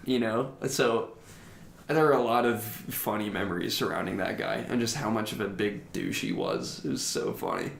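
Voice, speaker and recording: A young man co-hosting a podcast, telling high school stories in a casual, animated way and mimicking people in high voices. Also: normal speed, creaky, a little hiss or hum. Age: young adult. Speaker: podcast co-host. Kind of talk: casual storytelling chat. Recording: roomy echo.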